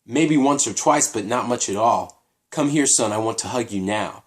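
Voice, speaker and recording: A man's voice: medium pitch, moderate pace, natural voice. A man reading out a stern proud prince. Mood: solemn.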